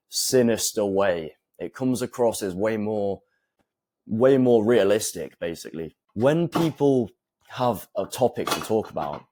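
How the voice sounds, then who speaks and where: A young man giving fitness and self-improvement advice to camera, speaking calmly and deliberately with pauses for emphasis. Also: deep voice, no room sound. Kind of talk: direct-to-camera advice talk.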